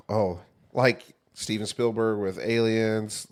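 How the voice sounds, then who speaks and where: A man's voice: fairly low pitch, steady tone, takes it slowly, clean tone. A man in his thirties co-hosting a podcast, chatting loosely, swearing freely, full of fillers and restarts. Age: 30s. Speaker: podcast co-host. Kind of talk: casual chat.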